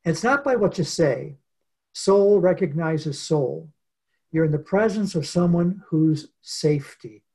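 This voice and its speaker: A man being interviewed as a guest author, telling a story in an earnest, unhurried way with many pauses. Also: fairly high pitch, lively intonation, dark tone, husky. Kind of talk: reflective storytelling in conversation.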